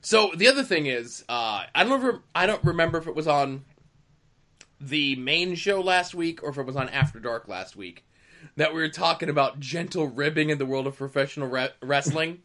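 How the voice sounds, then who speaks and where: A man's voice: a little high, moderate pace. A man telling wrestling backstage stories in casual podcast chat, with sly asides. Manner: animated storyteller, sly asides.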